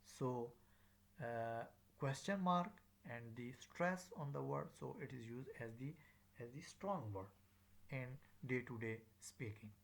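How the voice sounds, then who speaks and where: A man teaching English pronunciation in a recorded lecture. He pauses often with fillers and repeats example words again and again as drills. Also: mid-range voice. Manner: hesitant, frequent uh fillers.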